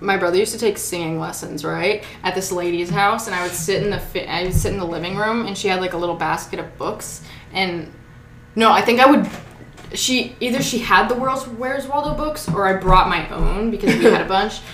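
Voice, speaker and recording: A chatty young woman co-hosts a podcast, telling excitable little anecdotes. Her voice is at a middle pitch. The recording is roomy, with a faint hiss behind it. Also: a little fast. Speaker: podcast co-host. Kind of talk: casual chat. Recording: echoey room with faint noise.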